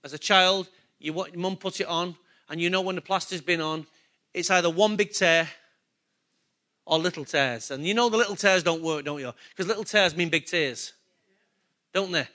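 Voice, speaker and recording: Male preacher, high and bright, casual sermon delivery full of questions. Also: moderate pace, pauses often. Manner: conversational, asks the congregation questions. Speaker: pastor.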